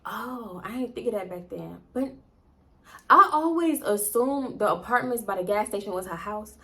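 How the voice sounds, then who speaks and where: A young woman telling a story casually, animated, profane and laughing between asides. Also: medium pitch, moderate pace. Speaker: storytime vlogger.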